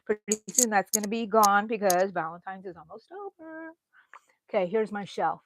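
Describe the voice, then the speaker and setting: A middle-aged woman talks her way around a small home craft room on a live stream, rambling cheerfully from one shelf to the next. Her voice sits at an ordinary middle pitch and sounds close and dry, with no room echo, as if captured on a phone held nearby. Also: expressive, moderate pace. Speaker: crochet vlogger. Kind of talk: casual live-stream chat.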